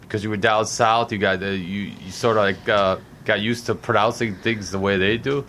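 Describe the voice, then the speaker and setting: A man with a slightly low voice interviewing a guest in a relaxed conversation. He asks curious follow-up questions, often stumbling and filling pauses as he goes. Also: slight background noise. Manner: curious, questioning, halting with many fillers.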